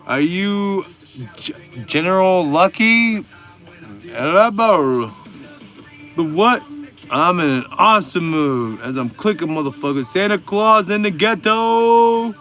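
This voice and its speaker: A man's voice: sits high, lively intonation, slow pace, a bit bright, faint music behind. A man, hosting a casual livestream and bantering with viewer comments in laid-back, profane slang. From Texas. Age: 40s. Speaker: livestream host.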